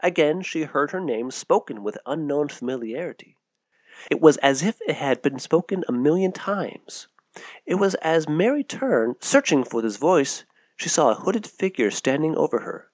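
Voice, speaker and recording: A man reads a storybook tale aloud with an expressive, animated delivery that rises and falls freely across a fairly high-sitting voice. The recording is dry and close, with no room sound around it. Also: normal speed, no echo. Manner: expressive, lively narrating. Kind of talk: storybook narration.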